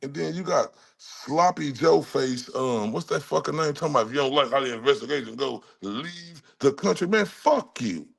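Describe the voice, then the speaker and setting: Male streamer from Dallas with a gravelly voice, ranting angrily and swearing constantly. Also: mid-range voice, normal speed, hardly any pauses, fairly bright tone. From Dallas, Texas. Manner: furious, heavily profane ranting. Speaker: livestream host. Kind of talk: angry profane livestream rant.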